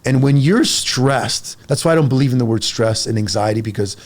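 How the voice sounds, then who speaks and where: Man in his 40s, fitness coach, casual podcast talk, energetic, blunt, emphatic. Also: mid-range voice, brisk. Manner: energetic, emphatic, pushes listeners with blunt advice.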